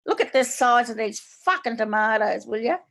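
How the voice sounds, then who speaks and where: A woman's voice: on the high side, animated, moderate pace, a bit bright. A woman with an Australian accent voicing a crude, blunt older mother, broad and swearing, turning sweet when she wants something. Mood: indignant.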